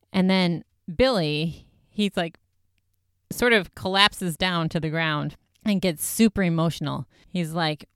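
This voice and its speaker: Chatty low-voiced woman recapping. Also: smooth, dry recording, studio quality. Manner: chatty, animated retelling with many fillers. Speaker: podcast host recapping a show. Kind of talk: casual recap chat.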